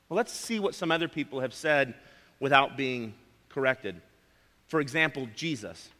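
A man's voice: mid-range voice, animated, moderate pace, pushed and bright, big-room sound. A man preaching a sermon, emphatic, repeating his key phrases and calling his listeners friends.

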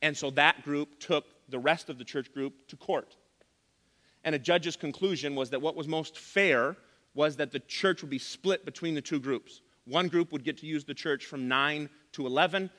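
A man delivers an emphatic sermon in a church sanctuary, pressing his points by repeating key lines. His voice sits a little high and rings bright and forceful. A long reverb trails each phrase through the hall. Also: normal speed. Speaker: pastor.

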